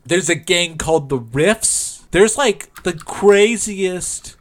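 A man's voice: sits high, animated, slow. Rambling, laughing podcast co-host man. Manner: rambling, laughs often, restarts. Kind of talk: casual chat.

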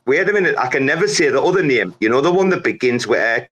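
A playful man in an online group call. He keeps cutting in to ask questions, and his pitch moves widely around a middle level. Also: expressive, quick pace, fairly bright tone, slight background noise. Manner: playful, interrupting, laughs a lot. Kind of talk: casual chat.

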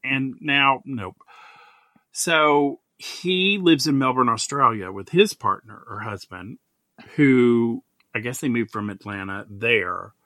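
A man's voice: medium pitch, slow pace, no room sound. A man hosting a podcast, chatting casually and gushing as he acts out what people said. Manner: gushing, animated storyteller who acts out quoted remarks. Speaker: podcast host. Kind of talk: casual chat.

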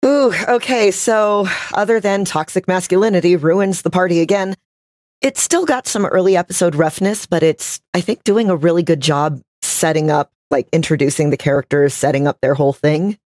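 A woman's voice: on the low side, normal speed, darkish tone, no room sound, clean studio sound. Texan woman, chatty podcast co-host. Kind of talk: casual podcast chat.

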